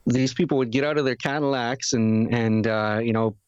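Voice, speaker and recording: A man's voice: mid-range voice, smooth, no room sound, highs cut off. Easygoing Canadian man in a dry close mic. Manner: easygoing, halting with fillers. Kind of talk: casual podcast chat.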